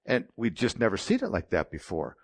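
A man's voice: lowish voice, wildly swooping pitch, fairly quick, slightly rough, dry recording. A man in his sixties preaching a sermon, telling his own testimony in a plain-spoken, storytelling way.

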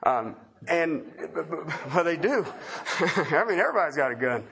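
A man preaching a sermon in a folksy way, swinging from loud emphatic points to quiet chuckling asides. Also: a little high, big pitch swings, normal speed.

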